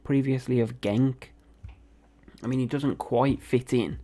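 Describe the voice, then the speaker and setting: A man's voice: mid-range voice, steady tone, a little slow, mellow. A young man, chatting casually and reacting aloud as he plays a football management game. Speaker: gaming video host.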